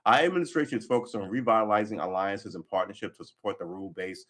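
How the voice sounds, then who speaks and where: A man hosting a livestream reads news articles aloud, stumbling over the text and throwing in sarcastic asides. His voice is on the low side and a bit bright, with a quick pace.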